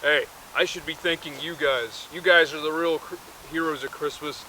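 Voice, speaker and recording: A man's voice: fairly high pitch, fairly even intonation, normal speed, sharp tone, a little hiss or hum, poor audio. A man voicing Santa, thanking the elves in a plain, everyday voice. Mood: grateful. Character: grateful jolly male Santa.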